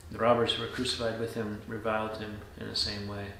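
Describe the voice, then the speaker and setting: A pastor reading a scripture passage aloud and then reflecting on it in a measured devotional talk, often dropping to a soft, low voice. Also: male voice, completely flat delivery, reverberant, slight background noise.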